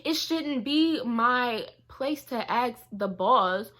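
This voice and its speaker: A woman's voice: on the high side, slow. A young woman vlogger telling an indignant storytime about a past job, quoting the people involved. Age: young adult. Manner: animated and indignant, quoting others. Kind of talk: storytime vlog.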